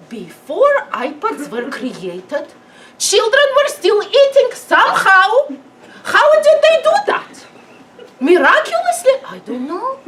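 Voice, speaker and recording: Woman lecturer, theatrical and emphatic, bright voice heard from afar. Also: extremely high pitch, wildly swooping pitch, slow pace. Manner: emphatic, theatrical, acts out quotes. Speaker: parenting lecturer. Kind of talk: animated public lecture. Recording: distant mic with faint noise.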